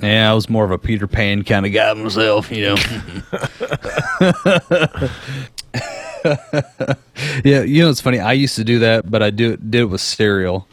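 A man's voice: lowish voice, expressive, unhurried, long pauses. A man co-hosting a casual podcast chat, joking, laughing often and laying out his theories. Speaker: podcast co-host.

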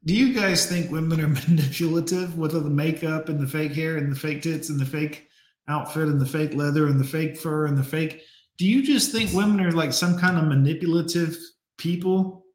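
Male reaction host, sarcastic and profane, slightly high voice, echoey room. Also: a little fast, darkish tone. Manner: sarcastic, swearing, mocking asides. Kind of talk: casual mocking commentary.

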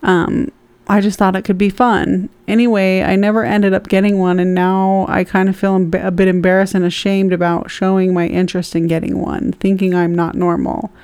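A woman's voice: mid-range voice, flat delivery, moderate pace, darkish tone, smooth. A woman co-hosting a casual podcast chat, frank and chatty, reading listener posts and comments aloud. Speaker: podcast co-host.

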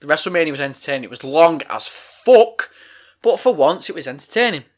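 A man's voice: on the high side, animated, fairly quick. A man hosting a wrestling podcast, ranting in a heated, profane way. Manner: profane, angry, emphatic.

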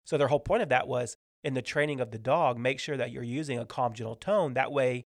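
A man's voice: mid-range voice, fairly quick, dry recording, studio quality. A man co-hosting a casual business chat, explaining his ideas at length with examples.

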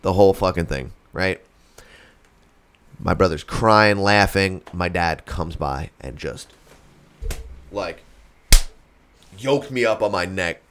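Young male podcast host, very low voice, profane and animated comic storyteller. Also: slow pace, long pauses, a little hiss or hum. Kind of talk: comedic storytelling.

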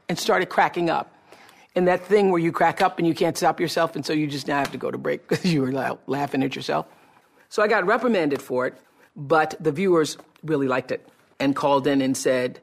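A woman telling a personal story to listeners in an animated way, acting out the dialogue. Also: deep voice, a little fast, gravelly. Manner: animated, acts out quoted dialogue. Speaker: public speaker.

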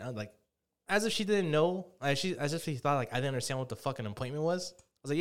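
A young man chatting on a podcast in a rapid-fire, profane rant. He tumbles through his story quickly and keeps slipping into mimicked voices. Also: fairly high pitch, lively intonation, clean tone. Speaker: podcast host. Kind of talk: casual chat.

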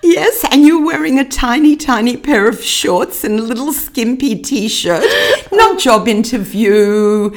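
A woman's voice: fairly high pitch, expressive, a little slow, hardly any pauses. A young woman, co-hosting a podcast in casual chat, teasing and encouraging. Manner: supportive, teasing interjections. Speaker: podcast co-host.

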